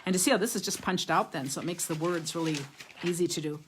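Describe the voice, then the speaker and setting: A woman hosts a live stream about handmade cards, talking casually and warmly to her viewers. Her voice sits a little low, and she laughs often between remarks. She reads viewer comments aloud as she goes. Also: fast talker, slight background noise. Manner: chatty and enthusiastic, laughs often. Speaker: card-making livestream host.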